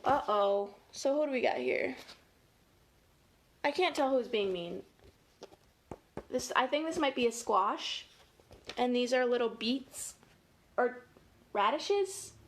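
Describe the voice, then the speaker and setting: High-voiced, unhurried woman reading storybook. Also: expressive, a little hiss or hum. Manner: playful, chatty, gasps and laughs while reading. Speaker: family educator. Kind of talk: reading a picture book aloud for children.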